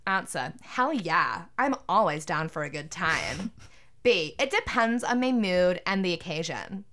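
A woman's voice: lowish voice, lively intonation, unhurried, fairly bright tone. Australian woman co-host, playful and chatty, reads quiz answers with flair. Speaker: podcast co-host reading a quiz. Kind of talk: casual chat.

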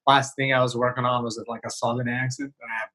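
A male comedian talking casually in an interview over a video call, relaxed and rambling with many fillers and restarts. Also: mid-range voice, fast talker, rough recording. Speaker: comedian guest. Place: home, remote video call.

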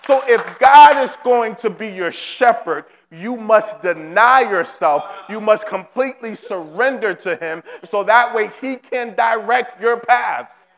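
High-voiced gravelly preacher in a reverberant hall. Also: male voice, expressive, unhurried, hardly any pauses, fairly bright tone. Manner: fervent, repetitive preaching that exhorts the congregation. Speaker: pastor. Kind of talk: sermon. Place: church service.

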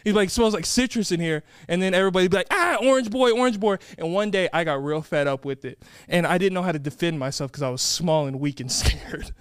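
A young man co-hosts a casual podcast, telling stories at his own expense. His voice sits high and comes through smooth and resonant. The sound is dry and close, with no room in it. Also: quick pace, few pauses, no echo. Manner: storytelling, laughing at himself. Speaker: podcast co-host. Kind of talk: casual chat.

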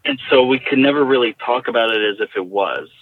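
A man recounting a personal story in a halting, reflective way, heard over a tinny phone line. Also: medium pitch, slightly rough, dry recording. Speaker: guest.

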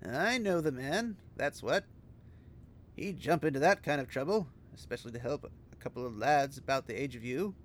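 Man voicing a dry, wary innkeeper for a book reading, slightly nasal, quiet, halting and evasive. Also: medium pitch, animated, a little hiss or hum, close to an everyday voice. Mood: wry. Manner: hesitant, cagey speech with fillers. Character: wary middle-aged male innkeeper, dry, guarded.

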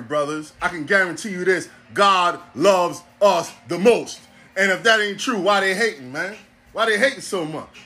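This Ohio man in his forties hosts a podcast, speaking in a high-pitched, pushed, bright voice. His casual monologue is profane and rambling, delivered with a preacher-like rhythm.

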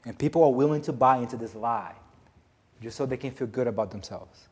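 A man preaching a sermon, emphatic, swinging between loud declarations and hushed asides. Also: medium pitch, fairly quick, husky. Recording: long hall reverb.

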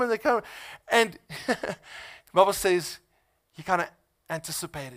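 A man's voice: high-pitched, animated, a little slow, pauses often. Fervent male preacher with wide swings. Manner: swings from hushed and intimate to loud and fervent preaching. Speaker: pastor. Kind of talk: sermon.

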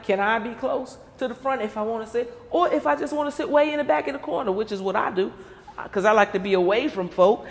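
A woman's voice: fairly high pitch, long reverb tail. A woman talking straight to her viewers in a casual, comedic rant, firing off rhetorical questions and laughing often. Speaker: vlogger.

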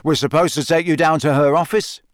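A man's voice: on the high side, steady tone, a little fast, no room sound, clean studio sound, pitched above the performer's own voice, close to an everyday voice. A man voicing a cheerful teenage boy with a breezy manner, in a storybook reading.

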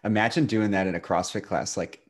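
Husky, laid-back man chatting. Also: fairly low pitch, fairly quick. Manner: relaxed, laughs often, trails off quietly. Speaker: podcast co-host. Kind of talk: casual chat.

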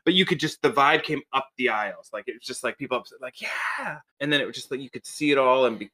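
A podcast co-host chatting casually about movies, talking fast with a bright, edgy tone. He tells stories with lots of energy and jumps his voice way up when he quotes other people. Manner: animated storyteller, jumps in pitch when quoting people. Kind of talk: casual chat.

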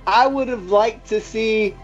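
A man's voice: sits high, measured pace, muffled recording, faint music behind. A man co-hosting a casual chat, easygoing with frequent restarts. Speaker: podcast co-host.

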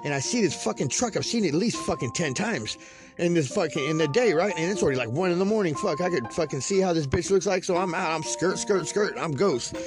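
A man from California's Central Valley with a high voice tells a rambling story packed with swearing. He laughs at his own tale as he goes. Faint music plays under him. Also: lively intonation, quick pace. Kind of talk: casual profane storytelling monologue.

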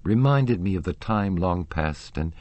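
A man's voice: deep voice, expressive, unhurried, a little mellow, no room sound. A man voicing a frail, secretive young woman singer in an audiobook reading, with cold, guarded replies. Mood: wistful.

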